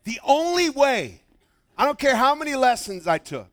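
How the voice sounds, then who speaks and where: A man preaching a sermon, telling a story with lively acted-out quotes. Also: very high voice, normal speed, no room sound. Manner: animated storytelling, acts out quoted voices. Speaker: pastor.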